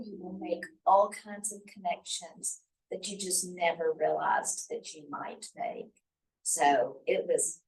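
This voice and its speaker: A middle-aged woman from Mississippi, telling stories in a chatty, animated way while she leads a study-abroad information session. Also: mid-range voice, far from the mic, low-quality recording. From Mississippi, USA. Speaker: faculty trip leader.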